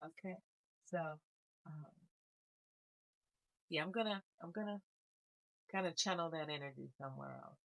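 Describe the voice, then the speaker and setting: A woman giving a casual spiritual card reading, speaking calmly and musingly with a melancholy air. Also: sits low, no echo, rough recording. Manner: calm, unhurried, musing with soft laughs. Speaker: tarot reader.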